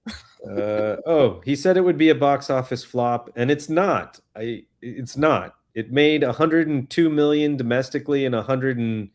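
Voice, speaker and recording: A man's voice: medium pitch, measured pace, darkish tone. A man hosting a casual livestream, greeting chat viewers and joking loosely, with frequent swearing. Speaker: livestream host reading chat.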